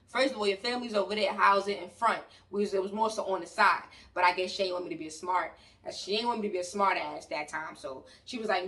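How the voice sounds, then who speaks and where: A woman from New York with a New York accent, telling a story in an animated, loud and slangy way and talking to her viewers. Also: medium pitch, a little fast. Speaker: vlogger. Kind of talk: storytime vlog. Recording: voice a bit distant from the mic.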